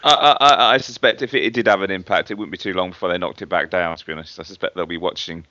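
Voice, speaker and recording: A British man with a low voice that still sounds bright and forceful, chatting on a podcast. He stumbles and restarts often and slips in dry teasing. The recording is dry and slightly dull. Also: racing, no echo. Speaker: podcast co-host. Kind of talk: casual chat.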